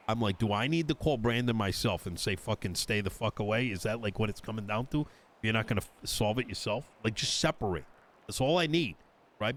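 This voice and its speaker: A man in character during an online roleplay, exasperated and swearing as he retells an argument with quoted dialogue. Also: medium pitch. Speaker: roleplayer voicing a politician character.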